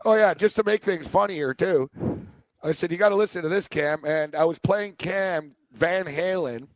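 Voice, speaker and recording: A man co-hosting a radio show, chatting casually and slipping into quoted voices as he tells stories. His voice sits a touch higher than most men's. The sound is close and dry, with no room around it. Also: normal speed, no echo. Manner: animated storyteller, slips into quoted voices. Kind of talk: casual banter.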